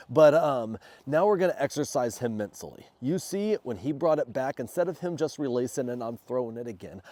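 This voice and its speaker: A man who is sick and under the weather, explaining dog training in a casual vlog and snapping out loud commands to his dog. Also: mid-range voice, no room sound. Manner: loud sharp commands between relaxed explanations. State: sick, congested. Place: outdoors in a backyard.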